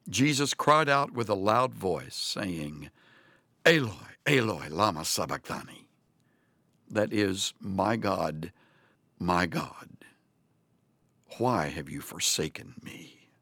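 Male preacher, sermon with scripture reading: slow, solemn delivery, bright forceful tone. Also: lowish voice, dry recording.

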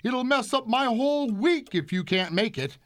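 A woman's voice: a little high, lively intonation, moderate pace, dry recording, close to an everyday voice. A woman doing a fussy fix-it man.

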